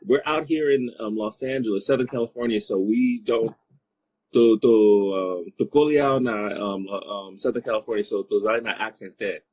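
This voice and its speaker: Husky-voiced teasing male podcast host. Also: on the low side, moderate pace, a little mellow, low-quality recording. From Congo. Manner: teasing, joking, talks in bursts with fillers. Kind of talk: casual podcast chat.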